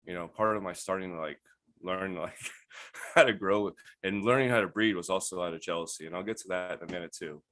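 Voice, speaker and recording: Profane, animated male storyteller. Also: low-pitched, fairly quick. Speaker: guest grower. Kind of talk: casual storytelling.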